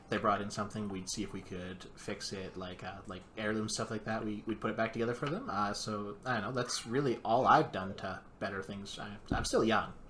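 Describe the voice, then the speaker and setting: A man's voice: on the low side, steady tone, brisk, few pauses, background noise. A man playing his character in a tabletop game, talking hesitantly with many fillers and restarts. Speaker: player voicing his character. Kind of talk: in-character tabletop role-play.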